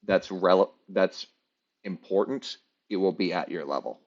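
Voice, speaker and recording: A man's voice: low voice, unhurried. A man running a tabletop game as game master, talking casually with many fillers. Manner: hesitant, lots of fillers. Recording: lo-fi muffled mic.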